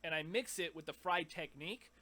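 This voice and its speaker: A man casually explaining his scream techniques, stopping mid-sentence to demonstrate growls and shouts. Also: fairly high pitch, brisk, a crowd in the background. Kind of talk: casual vocal tutorial.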